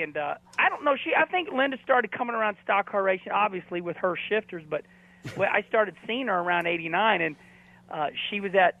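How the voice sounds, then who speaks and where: A man with a high, gravelly voice rambles and jokes, tossing "you know" into nearly every breath. He comes through a tinny phone line, dry and close. It is a race car driver calling in to chat. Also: no echo.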